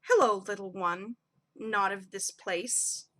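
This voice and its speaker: A woman voicing a tall, ancient, clawed goddess grandmother who speaks in a stern, measured, sighing way. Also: medium pitch, fairly bright tone, pitched below the performer's own voice. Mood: weary stern.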